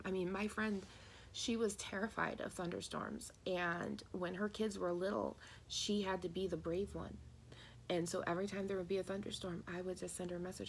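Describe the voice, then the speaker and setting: Gravelly-voiced woman channeling a spiritual message, earnest, keeps asking questions, bit of hiss behind. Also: on the low side, steady tone, moderate pace. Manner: earnest, rhetorical questions, acts out quoted voices. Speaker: tarot reader channeling messages.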